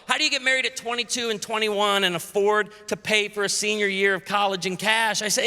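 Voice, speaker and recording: A man in his forties preaching from a stage, his voice high and very bright as he throws out quick jokes and calls to the crowd. It rings with a long hall echo over a faint ambient hum. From Illinois. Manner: joking, punchy, calls out to the audience. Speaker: pastor speaking at a women's conference. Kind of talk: humorous conference sermon. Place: large convention hall.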